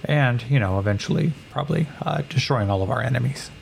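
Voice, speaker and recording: A man's voice: mid-range voice, fast talker, gravelly, a little hiss or hum. A man voicing a cold, calculating female Atlantean scientist who lectures in a clinical, condescending way.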